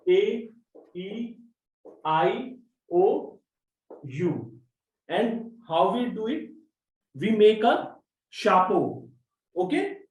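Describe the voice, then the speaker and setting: Male language teacher, unhurried and step-by-step, recorded from a distance in a reverberant room. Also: high voice, sing-song, darkish tone, dull audio. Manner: slow, step-by-step explaining, spells out letters. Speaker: French teacher. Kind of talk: classroom lesson. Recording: roomy echo, mic at a distance.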